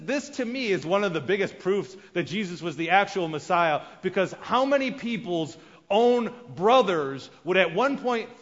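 A man preaching a sermon, shifting between loud emphatic lines and hushed asides as he acts out the people in his story. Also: high voice. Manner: acts out quoted characters with sudden loud and hushed voices. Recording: dull sound with long reverb of a large hall.

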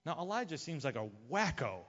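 Animated preacher man in a reverberant hall. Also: fairly high pitch, brisk. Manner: animated storytelling, acting out characters' lines. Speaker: pastor. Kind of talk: sermon retelling a Bible story. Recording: muffled sound with long hall reverb.

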